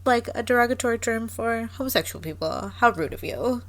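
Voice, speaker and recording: A woman's voice: on the high side, expressive, brisk. A woman co-hosting a podcast, chatting casually about a movie, swearing, laughing and getting worked up. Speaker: podcast co-host.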